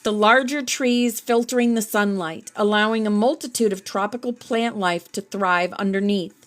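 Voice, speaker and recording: A woman's voice: mid-range voice, normal speed, lightly acted. A woman reading the lines of a friendly, fit, middle-aged male researcher in her own everyday voice. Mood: earnest. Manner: plain reading, hardly changed from her narration.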